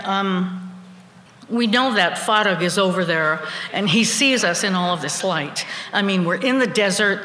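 Woman storyteller, live and animated, chuckling; mid pitch, hall reverb.

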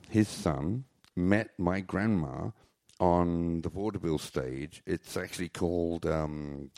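Gravelly low man telling rambling stories. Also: a little mellow, dry recording, studio quality. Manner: rambling, joking, self-mocking. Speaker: storyteller. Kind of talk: live comic storytelling. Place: small club on stage.

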